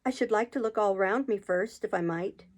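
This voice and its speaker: A woman voicing a polite, curious seven-year-old girl in a storybook read-aloud, speaking gently and a little plaintively. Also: mid-range voice, moderate pace, natural voice. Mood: earnest.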